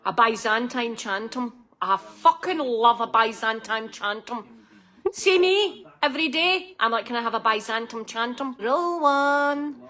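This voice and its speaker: A woman's voice: high voice, bright, forceful tone. A woman giving sweary, sarcastic running commentary on a livestream, mimicking the people she mocks. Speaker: livestream co-host.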